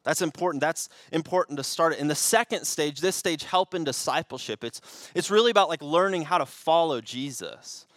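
A young man gives a sermon in a loose, conversational manner, stumbling and restarting his phrases as he goes. His voice sits a little high for a man. The sound is dry and close, with almost no room echo. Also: fairly quick, a bit bright. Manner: conversational with frequent restarts and fillers. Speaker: pastor.

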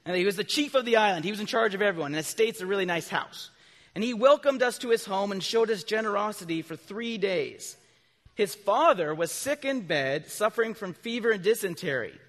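A man preaching a children's sermon, asking his listeners questions and answering them himself, with animated bursts of loud emphasis. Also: high voice. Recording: long reverb from a large hall.

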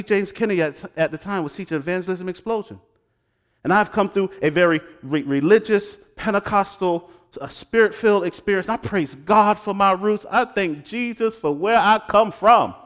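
A pastor preaching a sermon who teases his congregation and swings between hushed asides and loud exclamations. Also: high-pitched, animated, normal speed. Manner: talks straight to the congregation, joking and teasing. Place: church sanctuary. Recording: long hall reverb.

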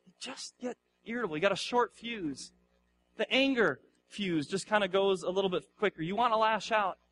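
High-voiced man preaching conversationally. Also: fairly bright tone. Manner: conversational, playful, asks the audience questions. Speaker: pastor. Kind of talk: sermon. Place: church hall before a live audience.

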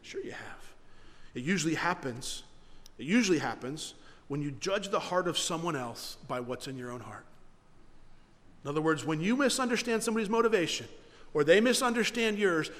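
A man preaching a sermon as pastor, animated and repeating his words as he presses a point. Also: fairly high pitch, moderate pace, in a large hall.

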